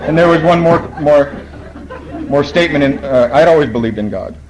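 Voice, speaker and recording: A man's voice: a little high, lively intonation, brisk, a crowd in the background, rough recording. A man speaking at a recovery meeting, telling his story in a storytelling way, quoting other people and laughing at his own lines.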